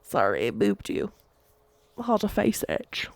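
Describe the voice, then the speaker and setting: A woman's voice: mid-range voice, wildly swooping pitch, measured pace, gravelly, no echo. A young adult woman hosting her own podcast, talking alone in a rambling, chatty way and often laughing. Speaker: podcast host. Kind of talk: casual solo podcast chat.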